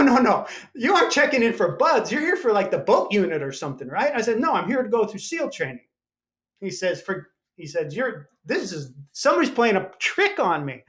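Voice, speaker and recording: An older man, a former Navy SEAL, telling stories from his life as an interview guest and acting out the people he quotes. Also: sits high. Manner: animated storyteller acting out quoted voices. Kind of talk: storytelling in an interview.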